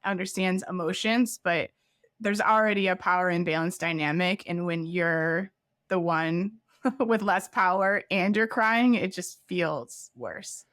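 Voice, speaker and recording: A woman's voice: fairly low pitch, unhurried, a bit bright, no room sound, studio quality. A middle-aged woman, a podcast guest, recounting her career candidly in a chatty way, full of "like" fillers and small laughs. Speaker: guest, former head of product. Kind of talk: candid interview storytelling.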